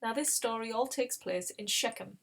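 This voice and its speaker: A woman's voice: on the high side, moderate pace, creaky. A woman hosting a Bible reading channel, retelling scripture in a casual, conversational way with explanatory asides.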